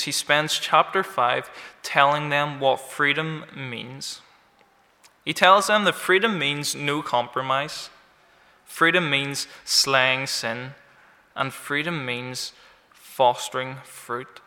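A man preaching a sermon, animated, with light self-deprecating humor and emphatic rises on key words. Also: medium pitch. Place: church. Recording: long church-hall reverb.

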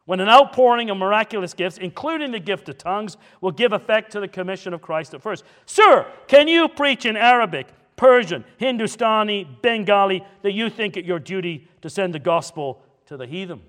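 A man's voice: high-pitched, animated, a little fast, few pauses, in a large hall. A man voicing a stern, overbearing minister in his fifties, who scolds in a raised voice. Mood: scolding.

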